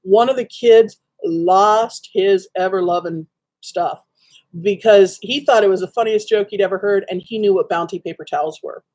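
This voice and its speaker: A woman's voice: mid-range voice, normal speed, a little mellow. Rambling woman chatting to her webcam. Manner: rambling storyteller, many ums and likes. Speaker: livestream host. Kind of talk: casual chat to viewers. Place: dim room at home.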